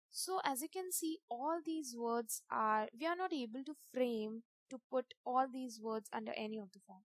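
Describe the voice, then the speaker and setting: A woman, teaching a grammar lesson over slides in a methodical way, spelling out letters and repeating examples slowly. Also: on the high side, no echo.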